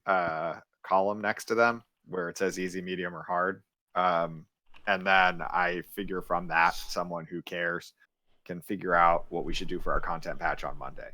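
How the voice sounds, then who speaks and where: A game programmer giving his update in a casual team stand-up, halting with many ums and restarts. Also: deep voice, pushed and bright.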